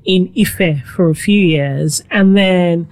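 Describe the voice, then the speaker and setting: A middle-aged woman from Nigeria, a guest telling her life story in a relaxed, reflective way. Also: lowish voice, slow. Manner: reflective, animated with quoted asides. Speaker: guest, food blogger. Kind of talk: conversational storytelling.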